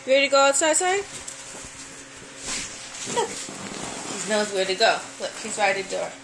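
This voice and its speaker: A woman's voice: mid-range voice, expressive, measured pace, noisy background. A woman filming her dog with a handheld camera, teasing and playfully baby-talking to him. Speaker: pet owner vlogger. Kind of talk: casual home video talking to a pet. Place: home and outdoors by the house.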